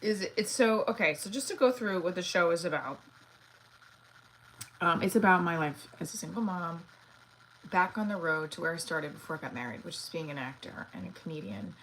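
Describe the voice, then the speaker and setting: Low-pitched woman rambling on a livestream, lots of likes and ums. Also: moderate pace, fairly bright tone, slight background noise, poor audio. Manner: rambling and chatty, with many fillers and restarts. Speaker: actor and comedian livestreaming. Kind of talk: casual livestream chat.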